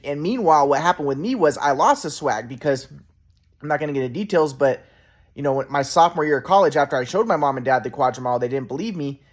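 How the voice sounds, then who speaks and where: A man in his twenties telling a rambling personal story to the camera, repeating himself and restarting sentences. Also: a little high. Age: 20s. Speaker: vlogger.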